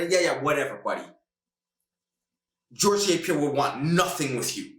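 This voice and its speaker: A man hosting a casual podcast, talking fast and emphatically about a fight, now and then mimicking other people. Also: a little high, big pitch swings, a bit bright. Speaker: podcast host. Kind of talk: animated casual podcast rant. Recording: echoey room, distant mic.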